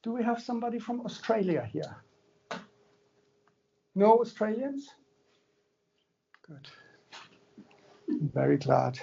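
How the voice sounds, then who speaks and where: A man's voice: high-pitched, big pitch swings, takes it slowly, vocal fry, pauses often, warm tone, lo-fi sound, slight background noise. A man giving a university lecture in a conversational, joking way, often checking in with his listeners. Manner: conversational, jokey, checks in with the audience. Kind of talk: classroom lecture.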